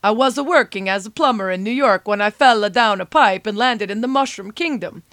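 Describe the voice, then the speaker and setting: A woman's voice: mid-range voice, brisk, a bit bright, no room sound, studio quality, natural voice. A woman reading aloud as Mario, a weary forty-year-old plumber, in a put-on comic Italian-style accent with extra "a" sounds. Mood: nostalgic. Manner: bouncy, exclamatory comic read. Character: middle-aged male plumber hero, weary and griping.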